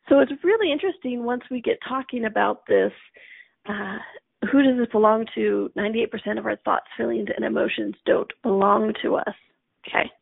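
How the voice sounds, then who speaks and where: A woman's voice: fairly high pitch, vocal fry, no room sound. A middle-aged woman hosting a casual self-help talk, chatty and laughing often as she acts out inner voices. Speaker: host. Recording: tinny phone-like audio.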